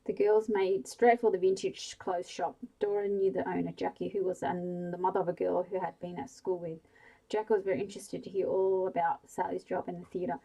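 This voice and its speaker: A woman reading a bedtime story aloud slowly and softly, in whispered role-play. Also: fairly low pitch, little pitch movement, gravelly, low-quality recording. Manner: slow, hushed bedtime reading.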